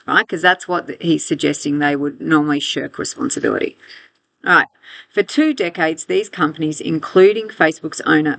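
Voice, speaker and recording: A woman's voice: low-pitched, gravelly, fairly bright tone, dry recording. A woman teacher walking students through a reading text, thinking aloud with restarts and rhetorical questions, on a close mic.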